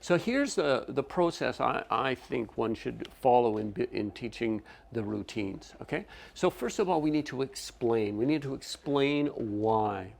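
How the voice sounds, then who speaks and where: A man's voice: medium pitch, lively intonation, unhurried, vocal fry, hardly any pauses. A man who trains teachers, giving a workshop lecture in an explanatory way, often checking in with "okay?" and correcting himself as he goes. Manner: frequent restarts and self-corrections.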